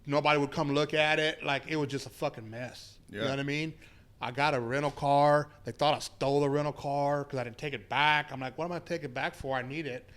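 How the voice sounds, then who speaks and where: A man telling a profane, animated story. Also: fairly high pitch, quick pace, few pauses. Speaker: podcast guest. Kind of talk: casual storytelling chat.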